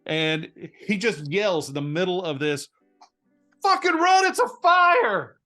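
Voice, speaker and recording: A man's voice: fairly high pitch, a little slow, a bit bright, faint music behind. A man voicing a big, burly male bartender who talks in short, blunt questions, in a tabletop role-play game. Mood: panicked yelling.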